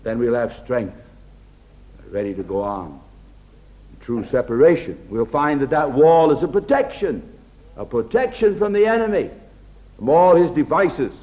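American preacher on a tinny recording. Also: male voice, mid-range voice, lively intonation, a little slow, pauses often. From United States. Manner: earnest, often drops to a hushed, tender tone. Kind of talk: sermon.

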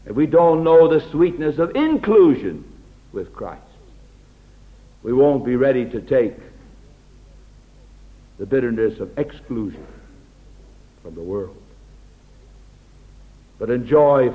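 An American man preaching a sermon in an earnest way, often dropping to a hushed, tender tone. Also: medium pitch. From United States. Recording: tinny lo-fi phone-like recording.

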